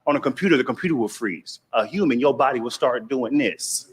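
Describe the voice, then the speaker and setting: A man's voice: mid-range voice, fairly quick, husky. A man from Texas with a Texas accent, telling a stand-up comedy story and acting out the voices of other people.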